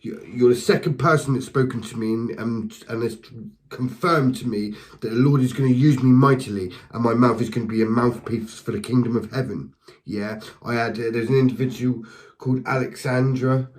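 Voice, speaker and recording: A man's voice: medium pitch, moderate pace, a little mellow, low-quality recording. Fervent male preacher giving testimony. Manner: passionate, fervent, repeats words and restarts; speaks to the listener directly with encouragement. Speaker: lay preacher. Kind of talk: impassioned spoken testimony.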